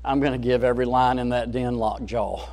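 A man voicing God as a calm, fatherly male deity, in a lower, relaxed, folksy tone. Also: a little fast, close to an everyday voice.

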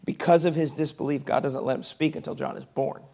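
A man's voice: on the high side, fairly even intonation, fairly quick, vocal fry, warm tone. A man teaching a Sunday school Bible class in a conversational way, often checking in with his listeners.

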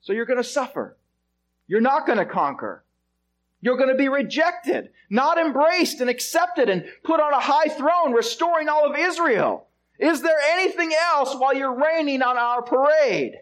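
A man's voice: extremely high pitch, animated, normal speed, fairly bright tone. A man voicing an exasperated male disciple who protests against his teacher. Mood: incredulous. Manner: incredulous, protesting.

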